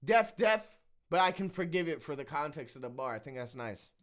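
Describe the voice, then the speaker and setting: A man's voice: medium pitch, fast talker, background noise. A man hosting a reaction video, giving easygoing commentary that trails off with fillers. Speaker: reaction channel host.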